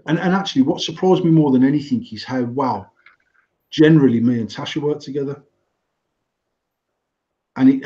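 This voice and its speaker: An English company director in his forties co-hosts a podcast, chatting bluntly with lots of swearing and restarts. His mid-range voice sounds mellow, and the highs are cut off.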